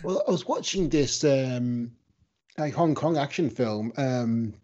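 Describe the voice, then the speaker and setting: A man in casual podcast chat, talking hesitantly with many pauses and fillers. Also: medium pitch, expressive, a little mellow. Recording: dull lo-fi audio.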